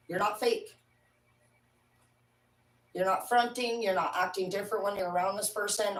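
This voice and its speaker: A woman's voice: mid-range voice, slight background noise. Woman, livestream host, rambling, profane, preachy, distant from the mic, roomy echo. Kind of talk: casual rambling monologue.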